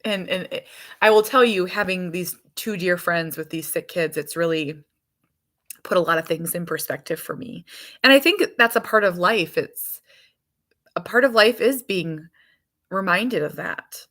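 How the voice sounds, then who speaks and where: A woman's voice: fairly low pitch, animated, unhurried, fairly bright tone. A woman hosting a podcast as a mother, chatting casually in a rambling way that is full of restarts. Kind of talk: casual chat.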